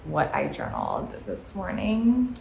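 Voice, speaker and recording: Slow, reflective young woman in a roomy space. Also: on the low side, huge pitch swings, creaky, darkish tone, a little hiss or hum. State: emotional, near tears. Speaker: travel vlogger. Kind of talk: reading her journal aloud.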